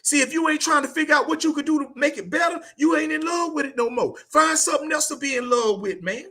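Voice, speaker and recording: High, bright-voiced preachy podcast man. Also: fast. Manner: blunt, profane, preachy, repeats "man" constantly. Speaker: podcast host. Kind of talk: casual motivational monologue.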